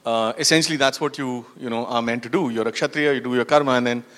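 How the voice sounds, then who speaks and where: A conference speaker tells stories to an audience in a steady, mid-range voice that's fast and fairly bright. He poses questions to the crowd and often says "you know" and "right," with long hall reverb on the recording.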